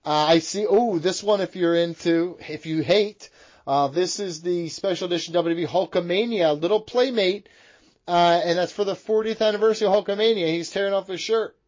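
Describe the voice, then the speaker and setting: Excitable high-voiced podcast co-host man. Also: fairly quick, lo-fi sound. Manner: excitable, rambling, swears often. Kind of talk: casual profane wrestling banter.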